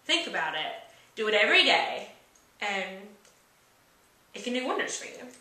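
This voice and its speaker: Chatty and earnest, a young co-host with a rural American country accent offers casual motivational vlog talk in a room with a kitchen counter. Her mid-range voice is sing-song, bright and forceful at a moderate pace, but the audio is poor, roomy, and distant from the mic.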